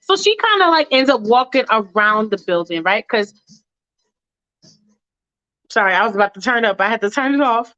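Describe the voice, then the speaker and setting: A woman's voice: fairly high pitch, expressive, moderate pace, long pauses, bright, forceful tone. A woman from New York, a podcast host telling a freestyle story in a chatty, sassy way with plenty of cursing. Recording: dull lo-fi dry recording.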